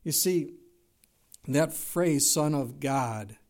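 A man's voice: mid-range voice, expressive, slow, a little mellow. A man preaching a sermon, emphatic, with rhetorical questions and rising exclamations. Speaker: pastor.

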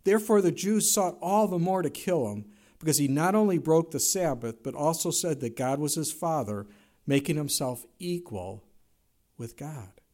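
A man's voice: a little high, lively intonation, moderate pace, dark tone. A man preaching a sermon, emphatic, with rhetorical questions and rising exclamations. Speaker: pastor.

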